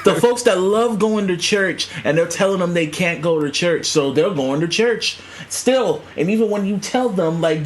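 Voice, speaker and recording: A man's voice: high voice, animated, normal speed, hardly any pauses. A man co-hosting a podcast in casual chat, swearing, laughing and acting out quoted voices. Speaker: podcast co-host.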